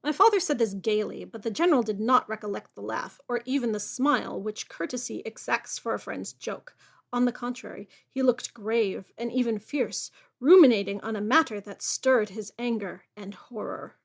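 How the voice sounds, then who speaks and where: A woman's voice: on the high side, normal speed, creaky. A young woman reading a Gothic story aloud and breaking off into chatty, wry asides to her listeners. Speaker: reader and host.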